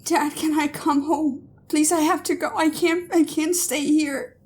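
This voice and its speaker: A woman's voice: high voice, steady tone, drawn-out words, pushed and bright, heavily acted. A woman voicing a terrified young woman who cries, stammers and pleads. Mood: frantic pleading. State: crying.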